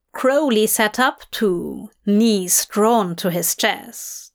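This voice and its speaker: A woman narrating a fan fiction audiobook in a soft, measured storytelling manner. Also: medium pitch. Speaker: reader.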